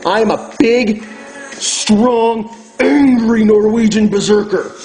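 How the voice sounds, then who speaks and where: A man with a notably high voice delivers a slow, deliberate rant, swearing freely as he preaches to his viewers. His tone stays furious and hard-edged throughout. Faint music plays in the background. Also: darkish tone, poor audio. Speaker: occult video host. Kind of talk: angry ranting monologue.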